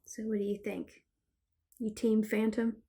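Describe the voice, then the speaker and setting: A woman reading a bedtime storybook aloud to her child at home, expressive and playful. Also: medium pitch, a little slow, vocal fry, slightly rough.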